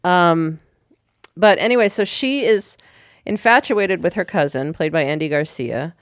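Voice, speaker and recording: A woman's voice: fairly low pitch, a little slow, no room sound, studio quality. A woman co-hosting a podcast in casual chat, telling it animatedly and laughing often. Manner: giggly, animated storytelling. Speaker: podcast co-host.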